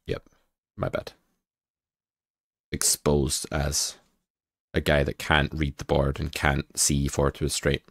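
A man hosting a casual poker hand review, joking and thinking out loud with excitement. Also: a bass voice, slow pace, vocal fry, long pauses, no room sound.

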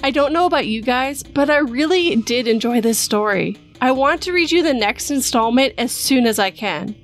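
Lady horror narrator, slow dramatic storytelling, bit high voice, quiet music under it. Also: expressive.

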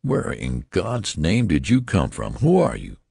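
A man reading the part of a frantic, terrified middle-aged father who pleads hoarsely in desperation. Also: rumbling low, big pitch swings, a little slow, no echo, studio quality, full character voice.

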